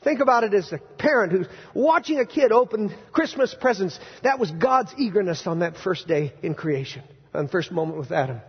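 A man preaching with a strikingly high, husky voice. He is animated and teases his congregation with rhetorical questions and mock outrage. The sound is dull and muffled, with long reverb from a church sanctuary. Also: a little fast. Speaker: pastor. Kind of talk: sermon.

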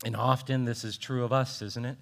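With a gravelly, medium-pitched voice and a brisk pace, a male pastor delivers a lively, conversational sermon. He repeats phrases to drive points home and tosses asides to the congregation.

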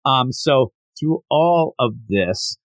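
A man co-hosting a podcast, casually recapping a manga chapter and acting out the characters' lines in quick voices. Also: medium pitch, no echo. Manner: animated retelling, quoting characters in quick voices. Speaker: podcast co-host.

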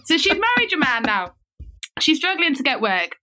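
A woman, a podcast guest telling a story in an animated way, laughing and swearing freely. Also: high-pitched, normal speed. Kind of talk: casual storytelling chat.

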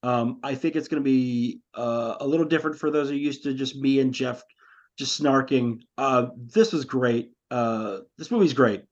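Give me a man co-hosting a casual movie podcast, animated and laughing, with a dull lo-fi recording. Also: medium pitch, moderate pace. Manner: laughing, animated retelling of scenes. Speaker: podcast co-host.

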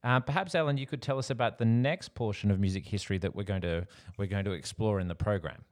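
A male host with a fairly low voice, leading a conversation about music. He stresses his points with admiring emphasis as he talks. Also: fast. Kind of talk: conversational interview.

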